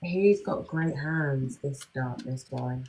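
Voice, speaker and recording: Low-voiced British woman, wry and casual. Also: slow pace, darkish tone, a little hiss or hum. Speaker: podcast co-host. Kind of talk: casual chat on a livestream.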